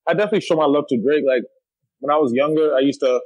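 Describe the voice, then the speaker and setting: Brief: young Toronto battle rapper, quick husky delivery, blunt street slang, dry close sound. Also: male voice, on the high side, darkish tone, dry recording, poor audio. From Canada. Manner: streetwise, blunt, frequent slang and "you know what I mean". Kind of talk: casual interview talk.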